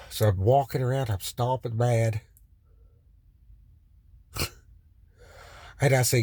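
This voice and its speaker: Intense, rambling man with a mellow voice. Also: medium pitch, fairly even intonation, takes it slowly, long pauses, dry recording, clean studio sound. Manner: raw, intense, swears freely, many fillers and restarts. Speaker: vlogger sharing a personal testimony. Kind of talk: rambling first-person storytelling. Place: in a car by the roadside.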